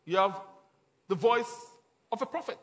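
A man's voice: high-pitched, lively intonation, moderate pace, fairly bright tone. A man preaching a sermon as a pastor, repeating his points emphatically and chuckling between them.

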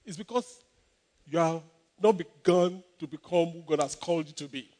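A man with a high voice preaches to his congregation. He leans hard into repetition and calls out for the listeners to respond. His delivery is emphatic throughout. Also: normal speed, darkish tone, big-room sound. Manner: emphatic preaching, with repeated exhortations and call-and-response. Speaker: pastor. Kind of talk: sermon.

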